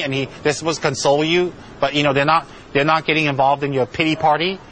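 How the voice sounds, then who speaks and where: A man's voice: on the high side, fairly even intonation, fast, hardly any pauses, fairly bright tone, a little hiss or hum, low-quality recording. A man, a monk, telling a personal story in a chatty way, repeating himself and using many fillers. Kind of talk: spoken storytelling talk.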